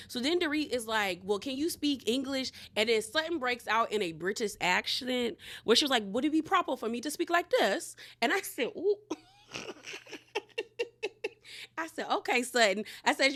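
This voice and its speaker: A woman's voice: on the high side, fairly bright tone. A woman hosting a casual recap of a reality TV episode. She talks bluntly in slang and acts out the cast members' lines as she retells them.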